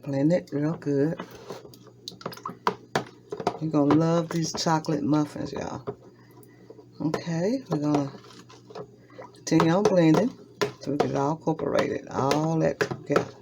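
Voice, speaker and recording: A woman's voice: deep voice, steady tone, unhurried, long pauses, noisy background. A woman, chatting with her viewers as she demonstrates a recipe in her home kitchen and repeats each step as she goes. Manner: chatty, talks straight to viewers, repeats steps. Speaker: home cooking vlogger. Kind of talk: casual cooking demonstration. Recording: clattering dishes and utensils nearby.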